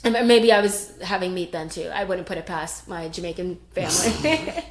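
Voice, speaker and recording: Animated woman telling a story, echoey room. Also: fairly low pitch, normal speed. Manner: animated storyteller who acts out quoted lines. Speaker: podcast co-host. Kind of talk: casual chat.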